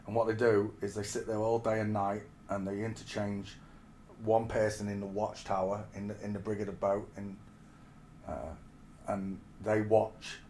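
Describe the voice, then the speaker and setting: A man's voice: on the low side, a little mellow, a little hiss or hum. A man in his forties from England, telling rambling stories in casual chat and calling the listener mate. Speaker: streamer.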